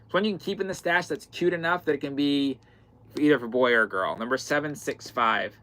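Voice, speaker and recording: A man hosts a live-stream sale from an indoor fabric shop. His voice is bright and forward, and his talk is loose and chatty as he keeps calling out item numbers. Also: mid-range voice, a little fast. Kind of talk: live-stream sales chat.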